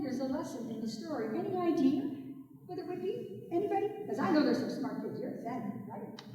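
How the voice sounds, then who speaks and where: A woman storyteller telling tales to schoolchildren, animated and speaking directly to the kids. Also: sits high, muffled recording. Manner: animated, addresses the children directly. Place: school hall or stage. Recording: echoey hall from far off.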